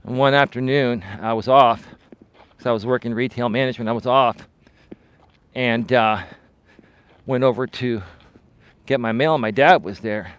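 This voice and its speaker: A life coach telling a personal story live while walking outdoors, candid and animated, growing loud and heated. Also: male voice, mid-range voice, normal speed, pauses often, clear, resonant tone.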